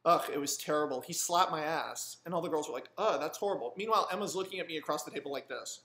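High-voiced man rambling through a story. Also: fast. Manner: animated, rambling, profane. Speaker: screenwriter. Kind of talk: casual storytelling monologue. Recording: roomy echo.

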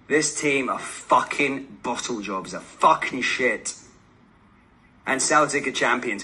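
Male fan vlogger, furious swearing rant, very sharp tense tone. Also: medium pitch, takes it slowly, rough recording. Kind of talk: angry fan reaction rant.

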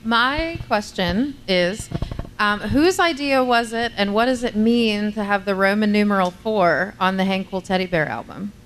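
A woman fan in a convention audience asks her question haltingly, with a few fillers. Her voice is of middling pitch for a woman. There is a faint noise behind her. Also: fairly bright tone, low-quality recording.

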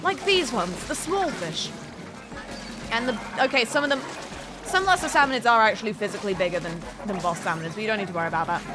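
With a medium-pitched voice, lively intonation, and a quick pace, a woman streams a game, laughing, cursing at the screen, and keeping the chatter playful. Game music runs behind a rough recording.

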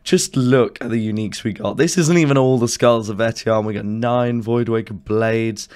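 A young man with a hoarse, worn voice, commenting excitedly on his own gameplay and cursing at his bad luck. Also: medium pitch, normal speed. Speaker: gaming video creator.

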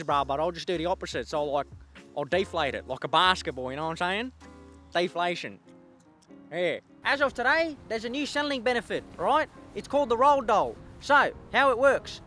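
A comedy sketch creator with an Australian accent, his voice sitting high and fairly bright, plays a brash young eshay street lad who became prime minister. The character talks with cocky, slangy swagger.

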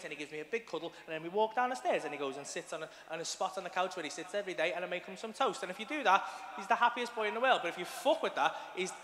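Stand-up comic, high bright voice, crude sweary storytelling, live hall reverb. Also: male voice, slight background noise. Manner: crude, swearing, animated and chatty. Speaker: stand-up comedian. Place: live comedy venue, large hall.

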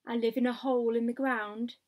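A woman reading a picture book aloud, in a steady diary style with asides to the listener. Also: a little high, brisk. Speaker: storybook reader.

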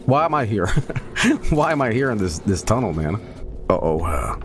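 A man's voice: very animated, normal speed, a little hiss or hum. A young man streaming a horror game, joking, swearing and yelping in fright. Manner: jokey, swearing, sudden high yelps. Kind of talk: gaming stream commentary.

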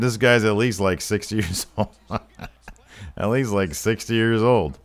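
Deep-voiced dude doing goofy fake wrestling commentary over a game, swears a lot. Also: male voice, measured pace. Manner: jokey, profane, mock-announcer hype. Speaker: gameplay commentator. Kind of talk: mock wrestling play-by-play over gameplay.

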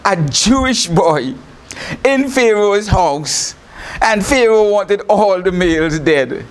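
Animated Trinidadian preacher, high and lively. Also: male voice, takes it slowly. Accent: Trinidad and Tobago English. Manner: animated storytelling, laughing often. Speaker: bishop, preacher. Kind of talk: sermon broadcast.

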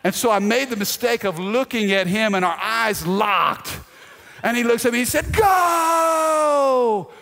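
A man preaching a sermon as pastor, telling stories with animated delivery and shouting out quoted lines. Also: high voice, moderate pace, creaky. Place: church sanctuary. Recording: long hall reverb.

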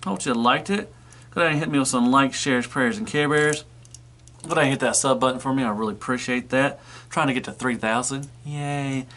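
A man's voice: mid-range voice, brisk, a bit bright. A man giving a casual toy review, rambling and filling gaps with "you know".

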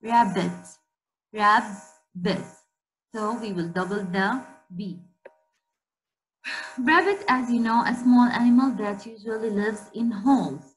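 A teacher with a slightly high voice runs a spelling lesson, emphatically repeating every word at a slow pace and breaking to quiz the class. The recording quality is low.

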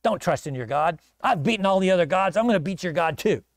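A man's voice: sits high, lively intonation, fast, no echo, studio quality. A man voicing a boastful, bullying male army commander who mocks and threatens. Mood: threatening. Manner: mocking, bullying.

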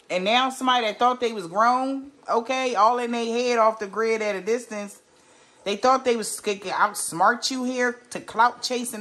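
A woman's voice: mid-range voice, a bit bright. A woman giving a casual tarot reading to a viewer, blunt and emphatic, swearing freely and firing off rhetorical questions. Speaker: tarot reader.

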